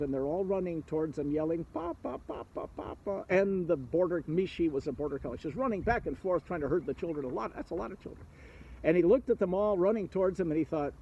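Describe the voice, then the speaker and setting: A man telling a folktale aloud, intimate and animated, with playful asides to his listeners. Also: on the high side, quick pace, husky, dull audio. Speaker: storyteller.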